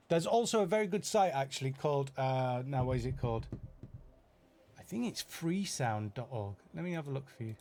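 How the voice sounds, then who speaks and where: A middle-aged man from Yorkshire, England, with a Yorkshire accent, casually answers viewer questions in a live Q&A. His mid-range voice is a little mellow, with slight background noise. He's chatty and self-deprecating, full of fillers and restarts.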